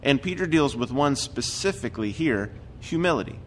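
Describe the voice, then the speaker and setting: A man delivers a sermon in an easygoing, conversational way, sprinkling in filler words as he talks. His voice carries a long reverb from the church hall, with a faint rumble underneath. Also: moderate pace. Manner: conversational, relaxed with frequent "uh" fillers. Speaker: preacher. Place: church sanctuary.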